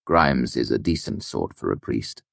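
A man's voice: extremely low pitch, lively intonation, unhurried, creaky, a bit bright, no room sound, voice pushed down, full character voice. A man reading the part of a patient, worldly innkeeper, wry and knowing in tone.

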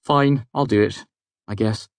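A deep-voiced man voicing a nervous, teasing young male student in an audiobook, pitching his voice up. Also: unhurried, no room sound. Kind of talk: audiobook character voice.

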